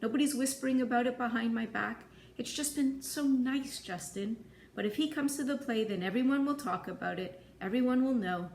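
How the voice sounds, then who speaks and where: A woman's voice: mid-range voice, moderate pace, hardly any pauses, roomy sound, a little hiss or hum, natural voice. A woman voicing a sobbing teenage girl. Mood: tearful. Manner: sobbing, pleading. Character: tearful, ashamed teenage girl.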